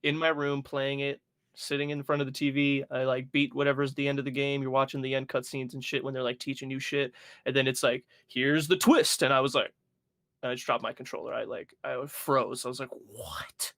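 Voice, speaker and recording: A man's voice: medium pitch, flat delivery, fairly quick, a bit bright, no room sound, studio quality. A young man co-hosting a podcast, telling stories with lots of swearing and acting out his own reactions. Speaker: podcast co-host. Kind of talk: casual chat.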